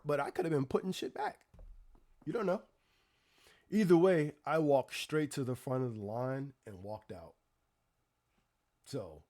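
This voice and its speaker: A man talks casually to his live stream chat in a medium-pitched voice. He tells stories with animated energy and tosses exasperated rhetorical questions at his viewers. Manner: animated storytelling, addressing chat directly. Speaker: livestream host.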